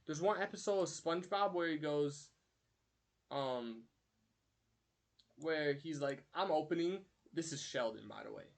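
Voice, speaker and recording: A man's voice: a little high, unhurried, gravelly, long pauses. A young man streaming, rambling through a story and counting aloud while he draws. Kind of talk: casual live-stream chat.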